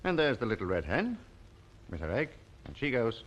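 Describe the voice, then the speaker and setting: A man presenting a children's TV show, talking gently and slowly to young viewers and coaxing them to join in. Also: medium pitch, wildly swooping pitch. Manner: slow, coaxing, sing-song, invites the viewer to join in. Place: television studio.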